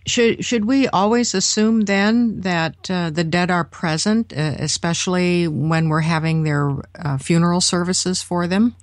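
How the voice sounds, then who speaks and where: A woman hosting a radio show, asking thoughtful questions and pausing with fillers. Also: lowish voice, steady tone, no room sound, clean studio sound. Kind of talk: interview questions.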